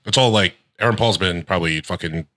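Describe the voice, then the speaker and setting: A young man co-hosting a podcast, trading crude jokes and laughing often. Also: a little fast. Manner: laughs often, jumps high in pitch when excited. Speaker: podcast co-host. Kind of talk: crude casual banter.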